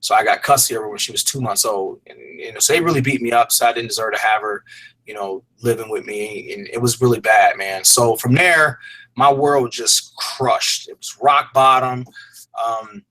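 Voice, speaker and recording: A man's voice: mid-range voice, moderate pace, sharp tone, rough recording. A man telling a personal story as an interview guest, earnest and rambling, with casual slang and frequent restarts. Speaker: fitness program creator, interview guest.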